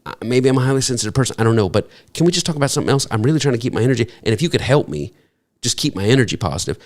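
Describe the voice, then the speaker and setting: A man preaching a sermon as pastor, talking in a conversational, humorous way and jumping up in pitch to act out what people might say. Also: racing. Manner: animated, jumps into high-pitched acted quotes; conversational, self-deprecating humor.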